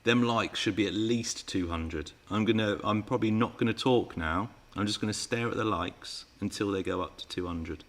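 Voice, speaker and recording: A man's voice: fairly low pitch, normal speed, few pauses, fairly bright tone. Chatty man hosting a live stream. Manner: chatty and playful, teasing viewers. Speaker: RC car channel host. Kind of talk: live-stream Q&A, reading viewer comments.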